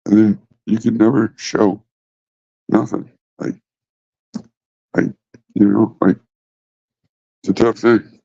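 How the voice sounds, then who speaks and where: A man's voice: lowish voice, little pitch movement, slow pace, vocal fry, long pauses, dark tone, slightly rough, no room sound. A man hosting a casual livestream from his phone, rambling and swearing bluntly. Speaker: livestream host. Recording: dull lo-fi phone audio.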